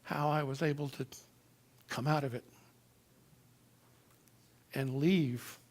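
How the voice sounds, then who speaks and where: A man from Florida telling his personal testimony in church, in an animated, emphatic storytelling manner. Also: fairly high pitch, slow.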